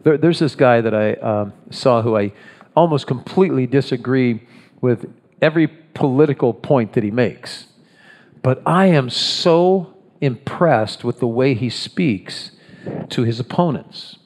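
A man's voice: medium pitch, unhurried, a little mellow. Man, pastor, sermon, chatty preaching, repeats words, reverberant church hall. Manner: conversational preaching, acting out voices, stumbling restarts.

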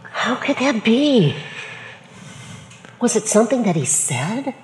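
A woman's voice: a little high, very animated, slow, reverberant, slight background noise. A woman acting a troubled wife who asks short anxious questions in a church drama.

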